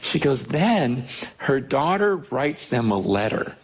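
A man's voice: mid-range voice, sing-song, takes it slowly, breathy edge, poor audio. A man, a pastor, telling a personal story in a sermon, earnest and confessional.

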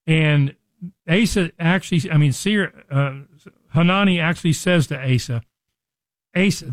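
A man's voice: a little high, no room sound. A man teaching a Bible lesson in a conversational sermon style, often restarting and acting out quoted speech.

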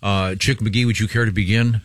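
A man's voice: lowish voice, steady tone, brisk, dry recording, clean studio sound. A man hosting a morning radio show, reading listener mail with joking asides in casual banter.

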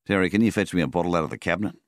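A man's voice: deep voice, very fast, no room sound, studio quality, pitched above the performer's own voice. A man voicing a blunt, joking middle-aged father telling a yarn in an audiobook. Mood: wry.

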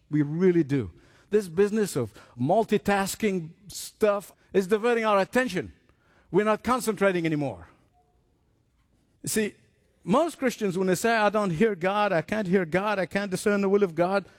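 A man preaching a sermon, telling stories with lively acted-out voices. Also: sits high, dry recording, studio quality. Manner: animated storytelling, acts out voices.

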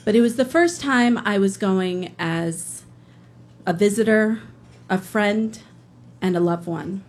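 A woman's voice: medium pitch, lively intonation, slow, darkish tone, a little hiss or hum. A woman telling a personal story live on stage, earnest, with some hesitations. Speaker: storyteller, public defender.

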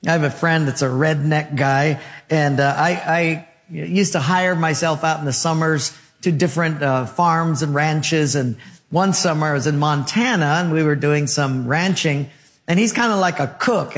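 A man's voice: fairly high pitch, long reverb tail. A male pastor preaching a sermon in a rhythmic, rhetorical style, mixing in humorous stories.

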